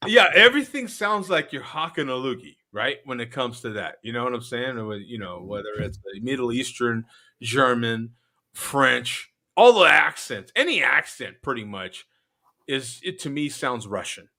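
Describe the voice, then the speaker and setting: Laid-back joking man with a bright tone. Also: mid-range voice, big pitch swings, moderate pace. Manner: jokey, laughs often, riffs. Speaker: host. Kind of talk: casual chat on a live beer show.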